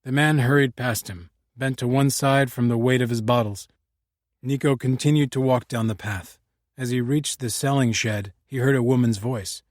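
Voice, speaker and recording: A man narrating a mystery audiobook in a measured, even manner. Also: mid-range voice, no room sound, clean studio sound. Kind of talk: scripted narration.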